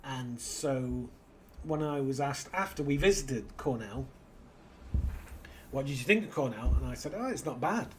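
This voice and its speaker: A British man chats his way through a let's-play. He drifts between stories and quiet asides to himself, in a voice of middling pitch with a faint hiss of noise under it. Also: unhurried. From Britain. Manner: rambling, muttering to himself between anecdotes. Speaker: gaming channel host. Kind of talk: casual let's-play commentary.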